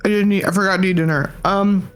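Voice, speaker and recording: A woman's voice: mid-range voice, steady tone, fast talker, soft background music. A woman as a player in a tabletop game, casually bubbly and giggly. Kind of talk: casual tabletop role-play.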